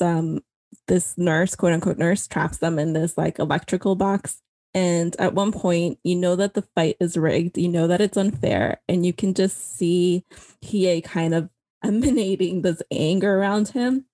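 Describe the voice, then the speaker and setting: A woman with a mellow, slightly husky voice co-hosts a relaxed anime chat. She sounds enthusiastic and laughs often as she talks. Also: fairly low pitch. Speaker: co-host. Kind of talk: casual anime discussion.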